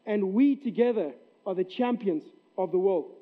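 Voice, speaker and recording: A man's voice: high voice, normal speed. A man pastor preaching a sermon in a church, earnest and emphatic, repeating key phrases for weight. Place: church sanctuary. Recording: tinny narrow-band recording.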